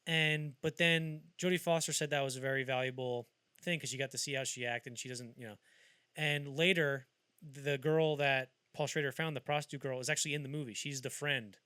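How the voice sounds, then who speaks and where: A man's voice: mid-range voice, fairly even intonation, a little fast, sharp tone, smooth, no echo. A man hosting a podcast, chatting casually about film history and acting out anecdotes as he rambles along. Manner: rambling storyteller who acts out quotes. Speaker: podcast host.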